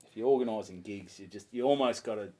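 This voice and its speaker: An Australian comedian telling a lively story on a podcast, swearing and acting out other people's voices. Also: male voice, on the low side, quick pace. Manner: animated, swearing, acts out voices. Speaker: comedian guest.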